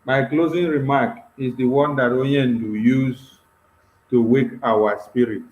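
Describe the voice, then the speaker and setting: A man speaks slowly at a middle pitch, formal and saluting with a touch of amusement. His voice rings in a roomy space. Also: fairly even intonation, lo-fi sound. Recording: roomy echo.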